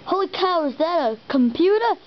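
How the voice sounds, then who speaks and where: A woman's voice: extremely high pitch, expressive, moderate pace, voice pushed up. A woman voicing an ugly, whiny male food court rival who rambles and stammers in a silly way. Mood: goofy. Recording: dull lo-fi recording with loud hiss and clicks.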